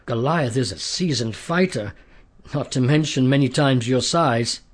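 A man voicing a cautious but kindly king in a storybook reading, measured and regal, in a husky voice. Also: mid-range voice, lightly acted. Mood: doubtful.

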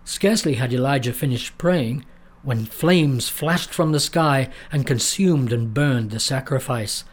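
A man reading a storybook aloud in a measured, dramatic narrating style. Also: mid-range voice.

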